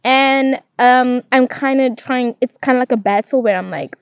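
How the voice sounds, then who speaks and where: A woman's voice: high-pitched, normal speed, few pauses, clear, resonant tone, no room sound, muffled recording. A twenty-year-old woman talking candidly in a casual confessional diary vlog, rambling and filling her sentences with "like". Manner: candid and rambling, heavy use of "like". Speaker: vlogger.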